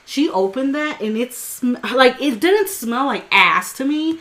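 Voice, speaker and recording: A woman's voice: sits high, a little slow. A woman co-hosting a podcast, telling a rambling story full of quoted dialogue and casual swearing. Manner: rambling, animated retelling with quoted asides and swearing. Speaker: podcast co-host.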